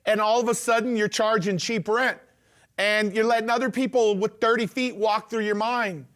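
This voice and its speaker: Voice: medium pitch, steady tone, normal speed, a bit bright. A host of a live online event, enthusiastic and encouraging while introducing the next offer to the guest.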